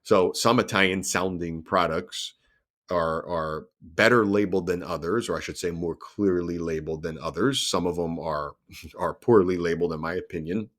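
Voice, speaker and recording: A man's voice: deep voice, normal speed, a bit bright. A young adult man hosting a solo podcast, talking earnestly and explaining things step by step, often restarting his sentences. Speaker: podcast host.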